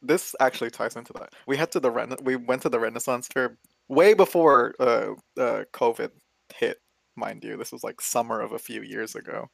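A man in casual chat who tells a long story full of swearing and laughter. His voice sits at a middle pitch. He sounds close and dry, with no room sound around him. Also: normal speed, gravelly, dry recording. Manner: profane, rambling, laughs as he talks.

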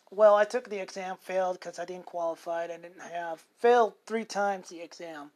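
This man co-hosts a podcast, spinning a long personal story in casual, profane, rambling talk with lots of restarts. His voice is high-pitched and a little mellow, at normal speed with hardly any pauses.

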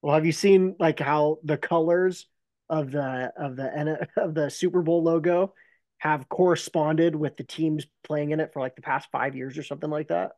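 A young man co-hosting a sports podcast, blunt and quick to swear. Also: fairly high pitch, steady tone, a little mellow, no echo. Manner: blunt, swears, exasperated jabs. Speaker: podcast co-host. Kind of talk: casual sports chat.

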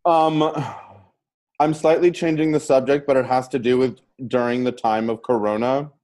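A woman's voice: rumbling low, fairly even intonation, normal speed, dark tone. A woman co-hosting a podcast in casual chat, bubbly and giggly, rambling between stories. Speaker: podcast co-host.

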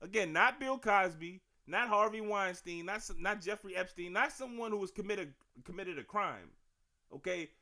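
On his podcast, a D.C. host rants emphatically about sports and culture in a casual, slangy, profane way. His voice sits high and sounds bright and forceful, moving at normal speed.

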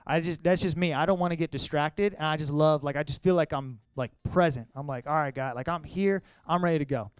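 A young man sharing a personal testimony with a congregation, talking earnestly and conversationally, sometimes halting with emotion. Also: on the high side, clear, resonant tone, no echo. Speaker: church speaker sharing testimony.

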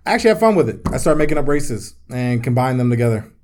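A man's voice: a little high, fast talker. A man from the Washington DC and Maryland area, chatting casually on a podcast and telling stories with jokes, swearing and laughter. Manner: joking, animated storytelling with swearing and laughter. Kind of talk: casual chat.

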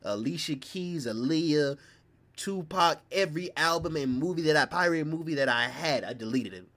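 A young man with a Southern US accent, host of a podcast, telling a story in casual, animated, slang-heavy chat. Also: fairly high pitch, normal speed. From South Carolina, US.

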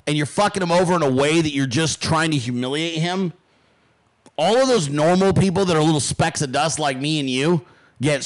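A man's voice: fairly high pitch, fairly quick. Furious, swearing male podcast host. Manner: heated, profane, emphatic. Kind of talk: angry political rant.

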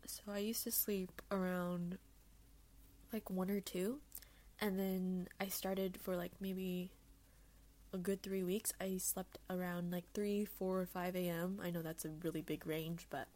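A woman's voice: on the low side, steady tone, a little slow, darkish tone. A young woman hosting her own podcast alone, chatting casually in a bubbly, rambling, self-deprecating way, recorded on an earphone mic. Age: young adult. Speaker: podcast host. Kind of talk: casual solo chat.

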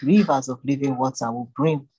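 A reader voicing Jesus, a calm male teacher, in a measured, solemn way with a dry, slightly husky voice. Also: mid-range voice, no echo, lightly acted, low-quality recording.

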